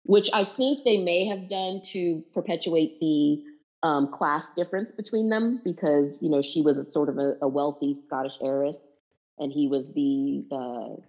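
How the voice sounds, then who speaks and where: Woman, low voice, mellow, slightly dull recording, casual chat, frank. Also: unhurried. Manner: chatty, frank, corrects her partner.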